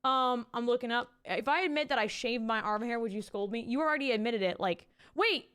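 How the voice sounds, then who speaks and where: Speaking briskly in a fairly high, fairly bright voice that is clear and resonant, a young woman streams from home. Reading her chat aloud and chatting casually with viewers, she swears freely into a desk mic with a pop filter.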